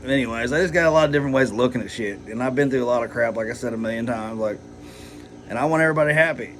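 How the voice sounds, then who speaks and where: A man's voice: medium pitch, racing. A man rambling heatedly in a personal vlog, swearing a lot and filling his talk with "like" and "you know". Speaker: vlogger.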